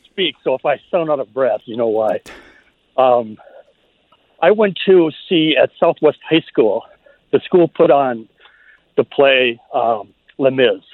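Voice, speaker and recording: A man's voice: mid-range voice, dry recording. A man from Minnesota calling a radio show on his phone while walking outdoors, talking in a chatty, enthusiastic way. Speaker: radio caller. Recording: tinny phone line.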